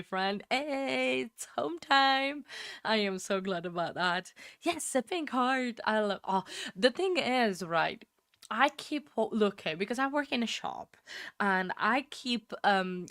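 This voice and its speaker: A woman's voice: mid-range voice, fairly bright tone, no echo, studio quality. Chatty, emotional woman streamer. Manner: chatty, emotional, laughing often. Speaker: livestream host. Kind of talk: casual chat with live chat.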